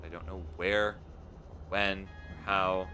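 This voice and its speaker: A man chatting casually while live streaming a video game, rambling and swinging between loud pleading and quiet mumbling. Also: low voice, level tone, slow, music in the background.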